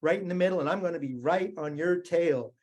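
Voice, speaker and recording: A man's voice: a little high, brisk, darkish tone, pitched above the performer's own voice, natural voice. A man imitating a laid-back male California surfer coach with a drawling, slangy way of talking. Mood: easygoing.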